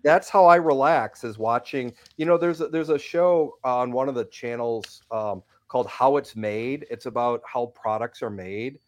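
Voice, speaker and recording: A man's voice: mid-range voice, normal speed, few pauses. A man guesting on a radio talk show, chatting casually about theater in a rambling, self-deprecating way. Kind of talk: casual radio interview chat.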